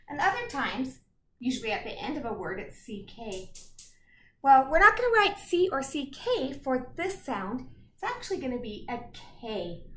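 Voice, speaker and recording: A woman teacher sounding out words slowly and reading a picture book aloud to children. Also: on the high side, sharp tone, reverberant, slight background noise. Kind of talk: storytime lesson and read-aloud.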